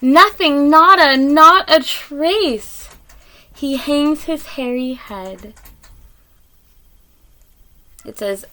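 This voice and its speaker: A woman reads a picture book aloud to children in a gentle, expressive way. She gasps at the pictures and breaks off for little asides to her listeners, in a fairly high voice at an unhurried pace. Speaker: read-aloud reader.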